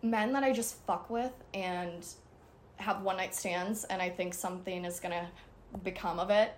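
A woman's voice: on the low side, steady tone, moderate pace. A young woman hosts a casual chat in a mid-range voice, blunt and freely swearing. Her voice echoes around the room over a faint hiss. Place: room in Los Angeles.

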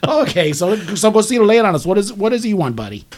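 Laughing podcast host with a lively voice. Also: male voice, high voice, quick pace, very noisy. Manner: laughs often, keeps addressing his co-host by name. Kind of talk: casual chat.

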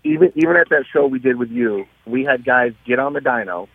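A man's voice: medium pitch, a little fast, no echo. A man, a guest business owner, telling stories in a casual radio interview over the phone, restarting sentences often. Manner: animated storyteller, many restarts. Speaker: guest, dyno shop owner. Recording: tinny phone line, husky.

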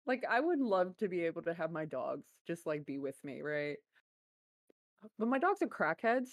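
A woman's voice: lowish voice, big pitch swings, normal speed, no room sound. A woman chatting casually, blunt and joking, with frequent swearing. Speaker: podcast co-host. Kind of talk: casual chat.

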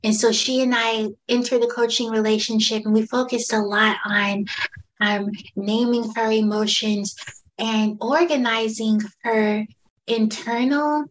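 Animated woman coach, slightly high voice. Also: measured pace, a little hiss or hum, rough recording. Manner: animated, retells client conversations. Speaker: coach for children, teens and families. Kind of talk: conversational interview storytelling.

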